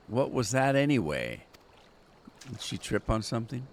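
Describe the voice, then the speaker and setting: A man's voice: mid-range voice, very animated, moderate pace. A man giving casual gameplay commentary, full of joking and squeamish asides. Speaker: gameplay channel host.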